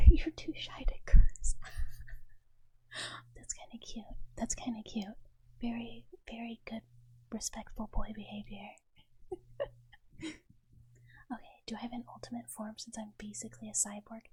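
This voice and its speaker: A woman's voice: fairly high pitch, flat delivery, a little slow, pauses often, dark tone, breathy edge, low-quality recording. A woman ASMR streamer whispering playfully, chatting and greeting her viewers by name into an ASMR microphone.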